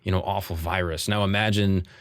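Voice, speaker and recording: A man hosting a podcast, asking loose, slangy questions in a casual, animated way. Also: low-pitched, brisk, a little hiss or hum. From United States. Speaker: podcast host. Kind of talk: casual interview chat.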